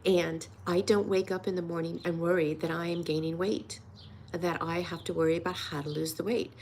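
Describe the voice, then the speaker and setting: Gravelly earnest woman in her sixties. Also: lowish voice, little pitch movement, fairly quick, a little mellow, a little hiss or hum. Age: 60s. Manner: emotional, earnest and encouraging. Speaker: weight loss coach. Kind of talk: personal vlog testimony.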